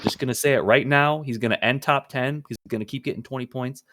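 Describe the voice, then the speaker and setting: A man's voice: medium pitch, fast talker, noisy background. Profane young guy hyping his team. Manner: boastful, profane, rambling hype. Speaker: podcast co-host. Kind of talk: casual fantasy football banter.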